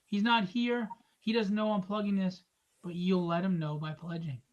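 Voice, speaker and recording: A man's voice: high-pitched, level tone, moderate pace, dull audio. A man hosting a live drawing stream, chatting casually and rambling through jokes and plugs. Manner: joking, rambling, teasing.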